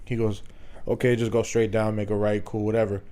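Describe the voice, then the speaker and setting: A man's voice: on the low side, fairly quick. A young man casually telling a story to friends on a podcast, swearing and laughing often. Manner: swearing, laughing, animated retelling. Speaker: podcast host.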